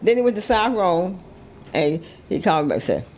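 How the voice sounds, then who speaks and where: A woman, an interview guest telling stories of her life, animated, acting out voices and laughing often. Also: on the low side, brisk, a little hiss or hum. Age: 70s. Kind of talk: storytelling chat.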